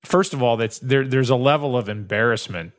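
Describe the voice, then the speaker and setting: A man's voice: medium pitch, brisk. A middle-aged man co-hosting a casual chat, rambling through stories and acting out quotes in other voices. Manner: rambling storyteller, acts out quotes. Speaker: podcast co-host.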